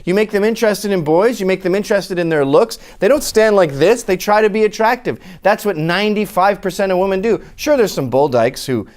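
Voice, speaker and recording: Sarcastic man with a lively, high-set voice. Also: brisk, hardly any pauses. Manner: sarcastic, mocking. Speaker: commentator. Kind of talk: comic opinion rant to camera.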